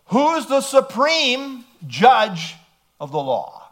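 A man's voice: very high voice, big pitch swings, slow pace. A man preaching a sermon, emphatic and throwing rhetorical questions at his listeners.

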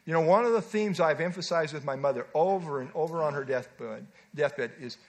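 Middle-aged male pastor, high-pitched, earnest emphatic sermon delivery. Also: darkish tone. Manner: earnest, emphatic preaching with slow stressed phrases.

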